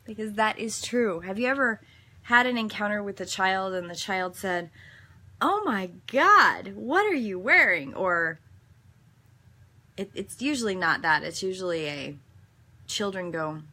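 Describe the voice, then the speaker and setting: A woman's voice: mid-range voice, fairly even intonation, measured pace, bright, forceful tone. A woman hosting a daily devotional, reading a passage and then reflecting in an earnest, meandering way with some self-corrections. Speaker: devotional host.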